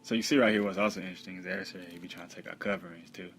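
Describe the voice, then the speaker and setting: A man teaching from the bible in a conversational way, with many fillers, reading scripture slowly and loudly. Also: fairly low pitch, big pitch swings, vocal fry, a little hiss or hum.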